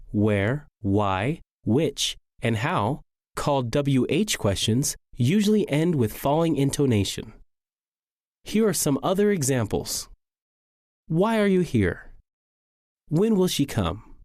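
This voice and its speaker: A man narrating a scripted English lesson, reading slowly and clearly. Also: on the high side, darkish tone, no room sound, clean studio sound. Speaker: English teacher.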